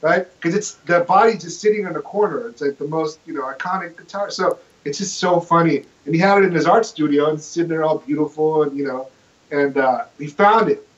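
A fairly high-pitched man who rambles with enthusiasm, restarting his sentences as he tells a story. The recording sounds dull and lo-fi. He sounds like a fan who is excited to be there. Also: brisk. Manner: enthusiastic, rambling, self-correcting. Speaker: guest. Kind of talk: casual storytelling chat.

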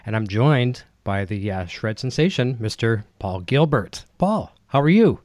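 A man's voice: medium pitch, sing-song, a little slow, a little mellow, no echo, studio quality. A man hosting a live-streamed interview, upbeat and enthusiastic as he chats with his guest. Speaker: livestream host.

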